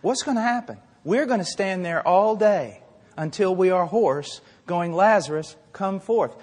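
Man, very high voice, impassioned sermon, rhetorical questions, long hall reverb. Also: unhurried, darkish tone, a little hiss or hum. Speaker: preacher.

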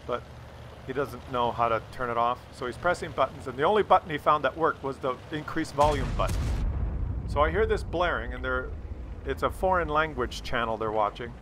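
A man's voice: mid-range voice, fairly quick, slight background noise. A man casually telling a funny family story while playing a game, acting out the people in it. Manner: animated, acts out the people in his story. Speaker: gaming video creator. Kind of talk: casual storytelling over gameplay.

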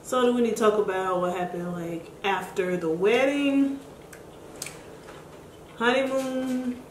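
A woman's voice: medium pitch, unhurried. A woman co-hosting a home vlog in casual chat, giggly and chatty. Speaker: vlog co-host. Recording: echoey room with faint noise.

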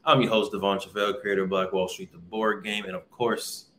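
A man's voice: on the low side, little pitch movement, brisk, a bit bright, reverberant, a little hiss or hum. A man hosting a casual podcast, talking with an upbeat, hype-man delivery and leaning on repeated catchphrases. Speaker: podcast host. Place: vacation lodging abroad, indoors.

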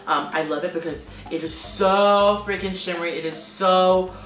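A man in his twenties chatting to camera as a beauty vlogger, quick, sassy and emphatic. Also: high-pitched, fairly even intonation, fairly bright tone. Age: 20s. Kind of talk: casual chat to camera. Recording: echoey room, distant mic, music behind.

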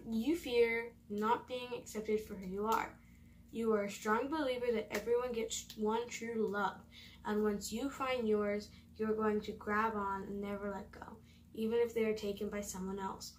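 A woman's voice: medium pitch, steady tone, moderate pace, distant mic, a little hiss or hum, low-quality recording. A young woman vlogging at home, chatting casually as she reads and answers quiz questions aloud. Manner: chatty, thinking aloud, reading quiz options. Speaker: YouTuber.

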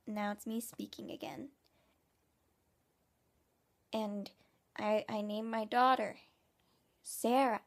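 A woman playing a smug, passive-aggressive 1950s family dad who rambles and restarts his sentences in a husky, half-whispered voice. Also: medium pitch, steady tone. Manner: rambling, halting, with many restarts. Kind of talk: comic character monologue.

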